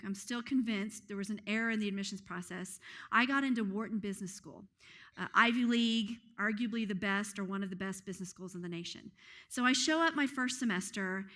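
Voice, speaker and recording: A woman's voice: medium pitch, fairly bright tone. A woman from the United States giving an upbeat, enthusiastic TED-style talk on a conference stage, with self-deprecating humor. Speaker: keynote speaker. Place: conference stage before an audience.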